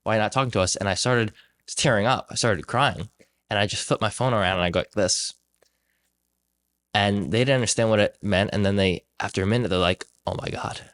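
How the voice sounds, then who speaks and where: A man's voice: lowish voice, fast. Young male host, loose conversational storytelling, voices other people as he goes. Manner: animated storyteller, acts out quoted voices. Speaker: podcast host.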